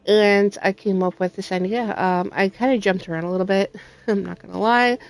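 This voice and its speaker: A woman's voice: medium pitch, fairly even intonation, brisk. Woman, gaming host, rambling casual commentary full of fillers. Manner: rambling with frequent ums.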